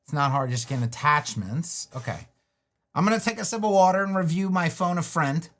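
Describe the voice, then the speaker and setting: A man's voice: fairly high pitch, expressive, brisk, fairly bright tone. A man hosting a live web design stream, thinking aloud as he works, loose and talkative with frequent restarts and little jokes to himself. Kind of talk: thinking aloud while building a website live.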